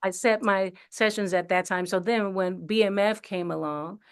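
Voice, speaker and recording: Actress chatting in a radio interview, talks loose and rambly with lots of um and uh, middle pitch. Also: female voice, steady tone, moderate pace, clean tone. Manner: chatty, many fillers and restarts, warm slang asides. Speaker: actress and singer, interview guest. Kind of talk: casual interview storytelling.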